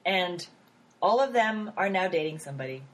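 A woman talking casually in an interview, with a lively, swooping pitch. She is animated, laughs often and acts out little quotes, with plenty of fillers and restarts. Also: moderate pace, low-quality recording. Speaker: app founder.

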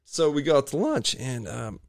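A man telling a long story on a podcast in a casual, animated way, acting out other people's voices. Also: medium pitch, normal speed, gravelly, dry recording, clean studio sound. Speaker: podcast guest.

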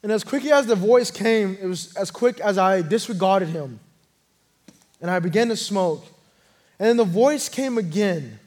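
High-voiced man preaching his testimony. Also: lively intonation, moderate pace. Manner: earnest, storytelling, swells louder at key moments. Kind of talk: sermon testimony.

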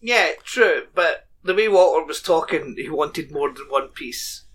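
A man's voice: a little high, lively intonation, unhurried, fairly bright tone, slightly rough. A man co-hosting a podcast, recapping a TV episode in casual chat with dry joking asides. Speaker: podcast co-host.

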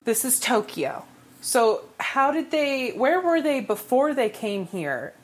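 A woman's voice: high voice, big pitch swings, takes it slowly. A woman co-hosting a casual book podcast, thinking aloud and making dry, sarcastic asides. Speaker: podcast co-host. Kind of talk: casual book discussion chat.

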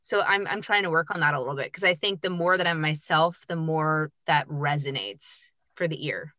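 A woman's voice: low-pitched, moderate pace, bright, forceful tone, dry recording. A woman guest on a podcast, chatting bubbly and freely about her voiceover work. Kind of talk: casual chat.

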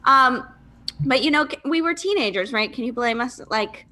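A woman's voice: high-pitched, animated, normal speed, bright, forceful tone. A woman in her thirties from Michigan, a podcast guest telling her life story candidly in casual, chatty talk with fillers and laughs. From Michigan, USA.

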